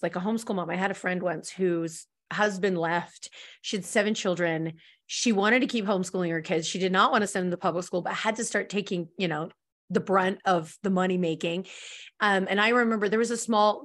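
A middle-aged woman, a homeschooling mother who is a podcast guest, telling stories in casual conversation and laughing often. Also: mid-range voice. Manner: storytelling, laughs often, warm and earnest.

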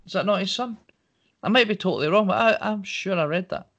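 Rambling podcast co-host. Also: male voice, high voice, brisk, a bit bright, lo-fi sound. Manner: rambling, searching for names, laughing. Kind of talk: casual chat.

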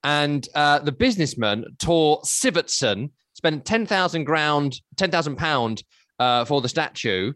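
A man's voice: on the high side, animated, a little slow, a bit bright, dry recording, clean studio sound. A man in his thirties co-hosting a podcast, chatting casually and telling stories with self-deprecating asides. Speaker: podcast co-host. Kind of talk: casual chat.

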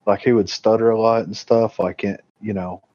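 A man's voice: lowish voice, steady tone, moderate pace, dry recording. Brief: man, easygoing co-host, frequent laughs, dry and a bit muffled. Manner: laughs often, loose and profane. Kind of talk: casual movie chat.

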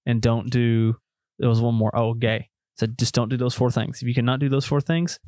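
A man's voice: medium pitch, fairly even intonation, brisk, mellow, no room sound, studio quality. A man chatting on a podcast, telling rambling jokey stories. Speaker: podcast co-host. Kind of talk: casual chat.

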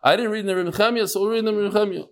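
A middle-aged man teaching a daily Talmud class with lively storytelling and quick asides. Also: high voice. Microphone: on Zoom.

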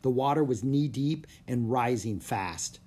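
Steady storybook narrator, mid pitch. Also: unhurried, slightly rough. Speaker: audiobook narrator.

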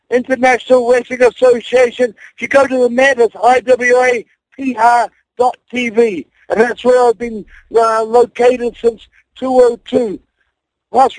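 An older man with a New Zealand accent, a guest wrestler joking loudly and brashly in a rowdy interview. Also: very high voice, no room sound, poor audio. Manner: loud, brash, jokey, says bloody and mate.

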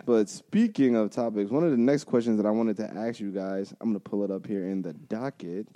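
A man's voice: fairly low pitch, a little fast, mellow. A young man co-hosting a podcast in an easygoing, casual way, often hesitating and searching for words. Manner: easygoing, hesitant, many fillers. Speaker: podcast co-host.

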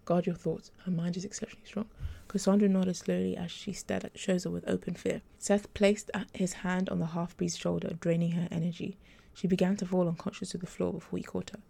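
A woman author reading her own story aloud in an even, measured audiobook narration. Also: fairly low pitch, creaky, slightly rough.

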